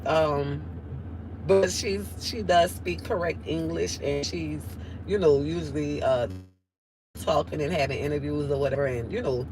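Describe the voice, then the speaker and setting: A woman's voice: sits low, a little slow, noisy background. Nasal New Orleans woman chatting live. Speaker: livestream host. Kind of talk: casual live chat reading comments.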